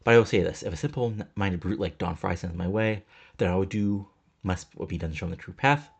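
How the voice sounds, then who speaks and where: A man voicing a calm, menacing male wrestler who preaches like a cult leader, slow and solemn. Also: low voice, creaky, breathy edge, exaggerated voice.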